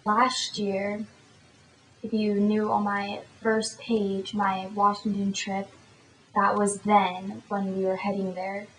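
A woman's voice: medium pitch, level tone, slow pace, roomy sound, slight background noise, rough recording. A teenage girl vlogger telling a story in a chatty, rambling way. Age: teens. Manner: chatty and rambling, lots of fillers. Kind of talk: casual storytelling to camera.

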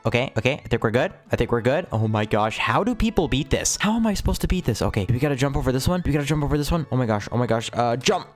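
A man giving excitable let's-play commentary over a video game, gasping and repeating his phrases as he talks to viewers. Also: mid-range voice, fast talker, hardly any pauses, soft background music. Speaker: gaming channel host.

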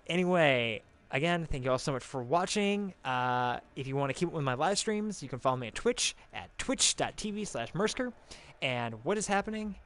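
Excitable, cursing gaming streamer man. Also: on the high side. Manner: excitable, profane, loud outbursts and rants. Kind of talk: casual gameplay commentary. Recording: game music playing behind.

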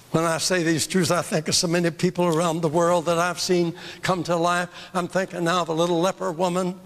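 An older man preaching a sermon, emphatic and drawn out, with big swings in pitch. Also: fairly bright tone. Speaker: evangelist preacher. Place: church. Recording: long hall reverb from a church.

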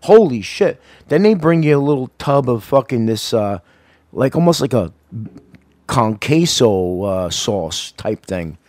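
A man's voice: medium pitch, very animated, measured pace, no room sound. Swearing, rambling male radio co-host. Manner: loud, rambling, swears constantly, laughs a lot. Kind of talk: casual profane radio banter.

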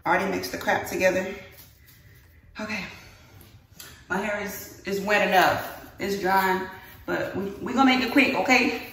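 A young woman with a medium, slightly bright voice chats casually with viewers about her hair, calling them y'all and sounding a little out of breath and rushed. She's a beauty vlogger, filmed on a phone camera from a distance in an echoey room.

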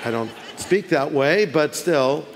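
A man from California preaching a sermon as pastor, animated and humorous, acting out voices in his stories. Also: on the high side, slow, a crowd in the background, noisy background. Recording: long reverb of a large hall.

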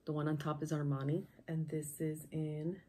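A woman's voice: low voice, flat delivery, moderate pace, warm tone. A woman with a sick, nasal voice, chatting through a makeup tutorial as a beauty vlogger. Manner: chatty, talks through each step.

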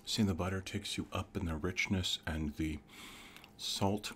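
Low, slow whispering man rambling softly. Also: steady tone, slight background noise. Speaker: ASMR channel host. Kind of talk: whispered role-play.

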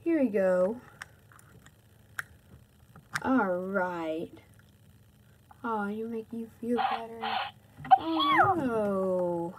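A woman playing with a toy doll in a casual video, soft and cooing as if talking to a baby. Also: medium pitch, extremely slow, long pauses, very noisy. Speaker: toy reviewer.

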